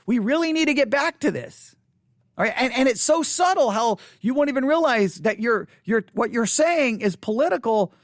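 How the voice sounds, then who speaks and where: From West Texas, a man hosts a theology podcast in a high, fairly bright voice. His monologue is emphatic and opinionated, packed with repetition and wry asides. The studio sound is clean, with no echo.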